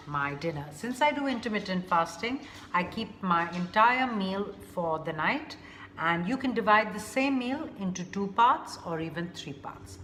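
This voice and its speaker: A woman hosting a casual food vlog, unhurried and thinking aloud with many fillers. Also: lowish voice, expressive, bright, forceful tone, reverberant, slight background noise. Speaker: cooking vlogger.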